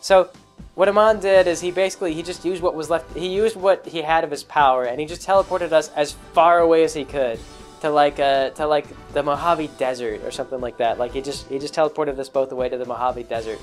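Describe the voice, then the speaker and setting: A man's voice: a little high, fairly even intonation, brisk, faint music behind. A man hosting a podcast, casually telling a long story about a past role-playing game, rambling with many fillers and restarts. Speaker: podcast host.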